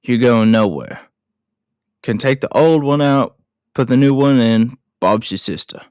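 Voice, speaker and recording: A man voicing a rough-edged middle-aged Australian bushman, attempting an Australian accent and chuckling through folksy slang. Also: medium pitch, measured pace, darkish tone, no echo, studio quality, close to an everyday voice. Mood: jovial.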